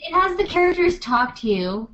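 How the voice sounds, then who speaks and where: A woman's voice: very high voice, sing-song, normal speed, highs cut off, crowd noise. A woman co-hosting a casual gaming podcast, laughing often and mimicking game characters. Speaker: podcast co-host. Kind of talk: casual chat.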